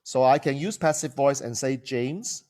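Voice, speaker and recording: A man's voice: medium pitch, steady tone, brisk, a little mellow. A man, teaching as a coach who often restarts phrases and asks rhetorical questions. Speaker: coach and trainer. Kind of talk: teaching talk to camera.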